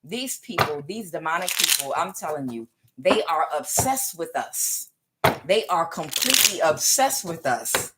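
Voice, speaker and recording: A woman's voice: deep voice, expressive, a little slow, heavy background noise. A woman giving a casual spiritual tarot reading, talking emphatically and repetitively straight to her audience, with chuckling asides. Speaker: tarot reader.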